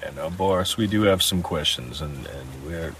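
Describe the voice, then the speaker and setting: A man playing a tabletop game, making a smooth deal in casual chat. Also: sits low, normal speed, fairly bright tone, slight background noise. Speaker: player.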